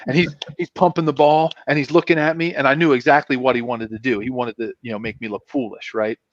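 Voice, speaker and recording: The man, once a professional football player, is a guest on a casual fan show, quickly telling stories and voicing their characters with lots of animation. His pitch is medium, and the dry, dull lo-fi recording has no echo.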